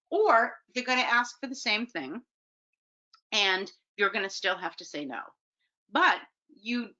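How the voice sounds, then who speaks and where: Bright-voiced woman coaching parents. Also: fairly low pitch. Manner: lively, acts out parent and teen lines, checks in with "okay?". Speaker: parenting educator. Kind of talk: informal talk to parents. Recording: dull lo-fi audio.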